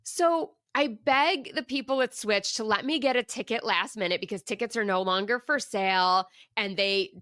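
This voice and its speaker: A woman hosting her own podcast, telling a personal story in an animated, emphatic way and asking the listener reflective questions. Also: a little high, normal speed, hardly any pauses, no room sound, studio quality. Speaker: podcast host.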